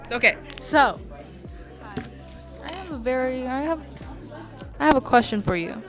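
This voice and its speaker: A woman's voice: high voice, animated, a little slow. A teenage girl vlogging casually with friends, chatty and giggly. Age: teens. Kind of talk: casual vlog chat. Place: school grounds at an event. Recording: loud crowd and music behind.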